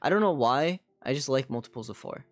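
On a dry recording with soft music underneath, a man speaks fairly quickly in an animated, mid-range voice. He's doing casual live gaming chat, talking to his viewers in a rambling way full of "like" fillers.

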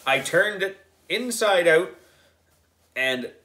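A man reading a children's book aloud, narrating in an expressive, deliberate storytelling manner. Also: sits high. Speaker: book club reader.

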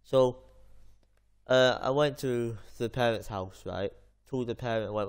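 A man's voice: lowish voice, moderate pace. A man, hosting a gaming video and rambling through an anecdote in casual chat. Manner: rambling anecdote full of fillers and restarts. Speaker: gaming channel host.

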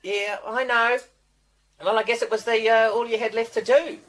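An actor with a New Zealand accent playing a rambling, apologetic band manager juggling phone calls in a radio sitcom. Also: male voice, very high voice, little pitch movement, moderate pace, a bit bright, low-quality recording. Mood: indignant. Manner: rambling, apologetic, easily flustered. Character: flustered male manager fielding phone calls.

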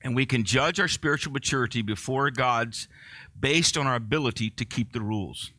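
A man's voice: medium pitch, fairly quick, bright, forceful tone, no echo. A male pastor preaching a sermon in a conversational way, joking and poking fun at himself.

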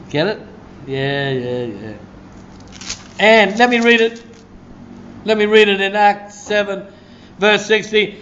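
A man preaching a sermon as a pastor, telling stories with a lively delivery and breaking into shouts of praise. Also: high-pitched, measured pace, long pauses, a little hiss or hum.

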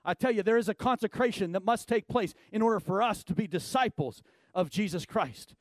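Emphatic high-voiced male pastor preaching. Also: fairly quick, no room sound. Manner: emphatic, swinging from low and quiet to loud and shouting. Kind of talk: sermon.

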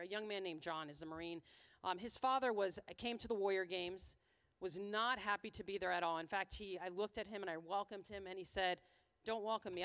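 A woman's voice: mid-range voice, fairly bright tone, smooth. A middle-aged woman from the USA giving a conference presentation, telling a heartfelt story with quoted dialogue. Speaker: conference speaker.

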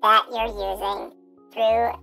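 Baby-voice changer, high, slow, gravelly, calm explainer. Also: male voice, faint music behind, heavily acted. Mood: explaining. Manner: calm explaining through the filter. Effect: voice changer pitched high.

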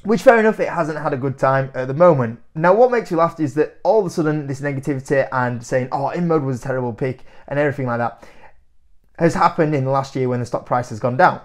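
A young man talking casually to camera as an investing YouTuber, animated and incredulous, laughing often as he reacts to comments. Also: on the high side, fast.

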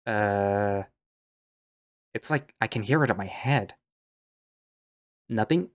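A man's voice: on the low side, takes it slowly. A man narrating an audio drama in first person, musing and understated.

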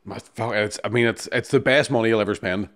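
A man's voice: fairly low pitch, brisk, a bit bright. A man, co-hosting a podcast, telling sweary, jokey stories and laughing often. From Northern Ireland. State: jet lagged. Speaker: podcast co-host. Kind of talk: casual chat.

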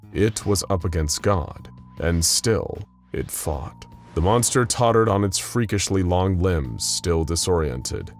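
A man narrating a dark story in a measured, dramatic storytelling voice. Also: low-pitched.

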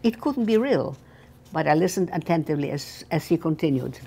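A woman's voice: deep voice, animated, fairly quick, gravelly, dark tone, a little hiss or hum. An older woman reading her own memoir aloud in an earnest, heartfelt way. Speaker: memoir author.

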